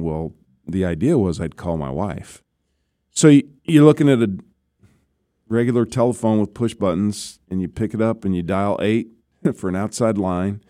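Guy with a low warm voice chatting through a story, dry close sound, keeps asking right?. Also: no room sound. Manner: conversational, keeps checking in with "right?". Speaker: former astronaut guest. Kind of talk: interview storytelling.

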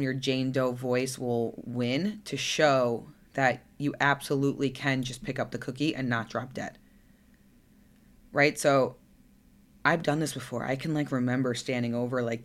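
A woman's voice: very deep voice, steady tone, measured pace. A woman coach talking casually on her solo podcast, blunt and chatty, swearing freely and tagging thoughts with "right?". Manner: says "right?" a lot. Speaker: fitness and nutrition coach.

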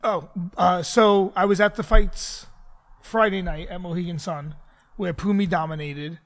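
A man with a notably high voice hosts a loose chat. He teases his guests and jumps in often. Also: steady tone, unhurried, fairly bright tone. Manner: playful, teasing, interjecting. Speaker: podcast host. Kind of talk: casual chat.

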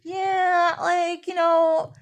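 A woman's voice: extremely high pitch, little pitch movement, very slow, pitched above the performer's own voice, full character voice. A woman voicing a young goddess confessing awkwardly to her twin, rambling in a lifted voice.

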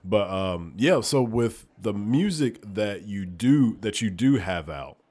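A man hosting a podcast with a lowish voice that moves a lot in pitch. He keeps it relaxed and casual, giving lots of agreeing murmurs while his guest talks. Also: takes it slowly. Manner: laid-back, lots of listening murmurs. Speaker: podcast host. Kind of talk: casual chat.

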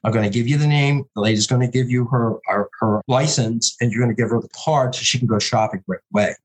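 A man's voice: medium pitch, fast, poor audio. A man running a veterans' charity, telling a story in a conversational way and acting out the people he quotes. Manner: animated, quotes callers in a raised voice. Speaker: founder of a veterans' charity fund.

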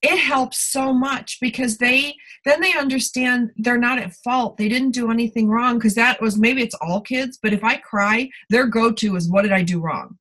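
A woman's voice: fairly high pitch, normal speed, few pauses, a bit bright, rough recording. A middle-aged woman, a guest in a podcast conversation, candidly telling personal stories with plenty of fillers. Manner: candid storytelling, many fillers and restarts.

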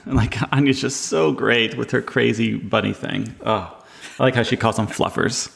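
Gravelly man in casual chat. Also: medium pitch, steady tone, moderate pace, fairly bright tone. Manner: hesitant, with many ums, laughing. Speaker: podcast co-host.

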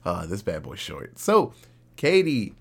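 A young man co-hosting a podcast, retelling a cartoon episode in a casual, profane, animated way. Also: low-pitched, takes it slowly, creaky, breathy edge. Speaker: podcast co-host.

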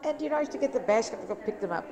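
An older woman from Italy, talking about her past in an interview in a rambling, repetitive, animated way. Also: fairly high pitch, rapid-fire. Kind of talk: casual reminiscing. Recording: crowd chatter behind.

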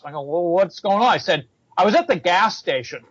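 A man with a fairly high voice chats about fitness and tells stories, slipping into the voices of the people he quotes. The sound is dry and a little dull. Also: fast, no room sound. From United States. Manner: animated storyteller, acts out quoted people. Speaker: fitness coach. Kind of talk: casual chat.

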